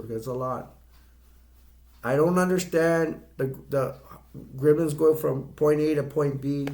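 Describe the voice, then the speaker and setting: Middle-aged guy with a gravelly voice, rambling movie review, keeps stopping and restarting. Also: on the high side, a little mellow. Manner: rambling and halting, full of restarts and fillers.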